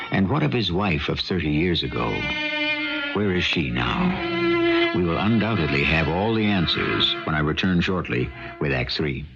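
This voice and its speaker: A man hosting and narrating a 1970s radio mystery drama in a measured, solemn way. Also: sits low. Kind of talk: scripted narration. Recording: dull old radio broadcast. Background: loud music.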